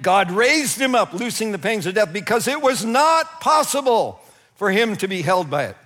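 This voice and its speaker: A man with a high voice delivers a sermon as a pastor. He preaches with animated energy, laughing often and crying out in places. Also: moderate pace, big-room sound.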